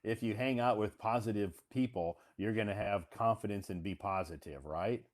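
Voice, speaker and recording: A man with a lowish voice and moderate pace hosts a casual English conversation lesson. As the teacher, he encourages the learner and rephrases and corrects her answers.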